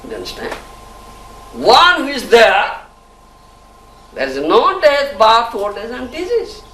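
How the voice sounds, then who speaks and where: A man preaches in a high, swooping voice, chuckling and asking his listeners whether they understand. He speaks slowly, and his voice is bright and carries well. The recording is from a distant mic in an echoey temple hall, with a faint hiss. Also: big pitch swings. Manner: keeps asking "you understand?", chuckles often, emphatic. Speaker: spiritual teacher. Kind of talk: devotional lecture.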